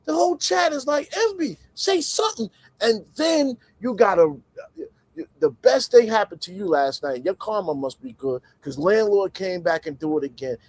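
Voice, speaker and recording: A man with a fairly high voice talks through a casual livestream, animated and conversational. He jumps between loud, emphatic points and quiet muttered asides. The sound is dry and close, with no room echo. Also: moderate pace. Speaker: livestream commentator.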